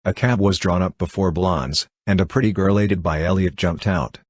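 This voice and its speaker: A man reads a novel aloud at a steady, even pace. His voice is deep and a little husky. The recording is close and dry, with no room sound. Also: moderate pace, hardly any pauses, dry recording. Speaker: audiobook narrator. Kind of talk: scripted narration.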